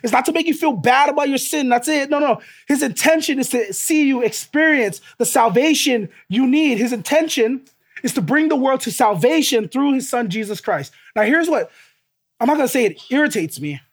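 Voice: high-pitched, animated, normal speed. A preacher giving a sermon with emphatic, repeated phrases and rhetorical questions put to the listeners.

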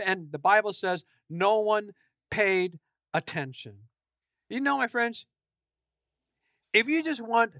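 High bright-voiced guy preaching a sermon, storytelling, cracks jokes, dry close sound. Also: no room sound. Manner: lively storytelling, acts out voices; jokey asides.

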